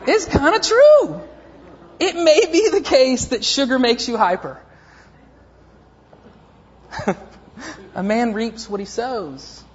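A man's voice: very high voice, animated, slow pace, pauses often. A man in his thirties preaching a sermon, telling a story with humorous, self-mocking asides. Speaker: pastor. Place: church sanctuary. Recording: echoey dull lo-fi church recording.

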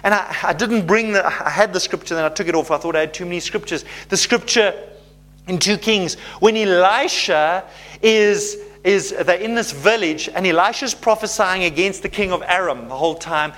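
A male pastor with a high-pitched voice preaches animatedly. He keeps his tone conversational and often checks in with the congregation. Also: moderate pace, a bit bright. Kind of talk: sermon.

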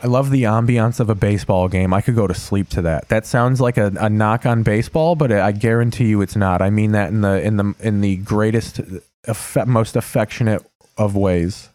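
A man's voice: fairly low pitch, normal speed, darkish tone, no echo. A man hosting a casual live stream, talking loosely over TV clips with profane, wry asides. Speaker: streamer host.

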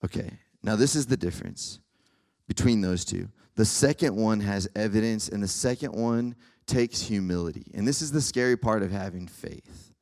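A man's voice: on the low side, moderate pace, a little mellow. A young man preaching a casual sermon to students, keeps checking in with his listeners. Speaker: campus ministry speaker.

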